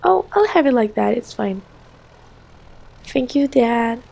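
A woman's voice: fairly high pitch, expressive, slow pace, vocal fry, husky, full character voice. A woman playing a shy, queasy little girl. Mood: uneasy. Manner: soft and hesitant. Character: young girl, quietly airsick, hiding it. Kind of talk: toy play storytelling.

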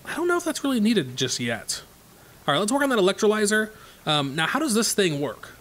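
A man's voice: sits high, big pitch swings, brisk, fairly bright tone. A man casually commenting on his own gameplay, thinking aloud in a chatty way with many fillers. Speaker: let's play host.

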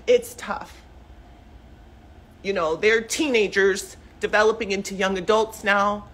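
A mother in her forties speaks out on social media in an unscripted live video from a living room cluttered with clothes. She talks emotionally and at length, rambling with many fillers and restarts. Her mid-range voice is steady, unhurried, and fairly bright.

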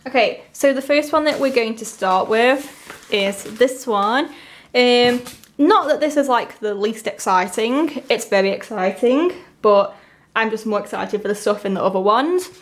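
A woman's voice: fairly high pitch, unhurried. A young woman from England chatting casually as she unboxes a haul, gushing and exclaiming often. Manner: gushing, repeatedly excited, lots of "oh my god".

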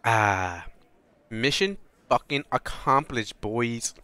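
A man records gameplay commentary on a close, dry mic, with a bright, crisp voice. He reads the game's lines aloud, then breaks off into loud, profane reactions. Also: mid-range voice, slow pace, dry recording. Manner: swears freely, reacts loudly, reads dialogue in a flat voice. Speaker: let's play host reading game text aloud. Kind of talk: casual gameplay commentary with read-aloud dialogue.

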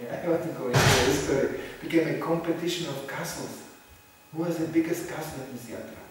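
A man's voice: fairly high pitch, quick pace, background noise. A man giving a religious talk, telling anecdotes, laughing often and acting out what others said. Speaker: spiritual teacher. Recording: echoey hall, from far off.

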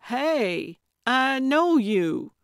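A woman voicing an excitable, eccentric older female amateur sleuth in an audiobook, gleeful about crime. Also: high-pitched, extremely slow, no echo, clean studio sound, pitched above the performer's own voice, full character voice. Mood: eager. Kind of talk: audiobook character voice.

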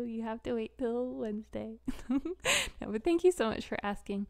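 A young adult woman hosting a casual live Q&A, giggly and rambling, often dropping into soft whispery asides. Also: a little high, expressive, moderate pace, creaky. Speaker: audio creator hosting a live Q&A. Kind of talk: casual livestream chat.

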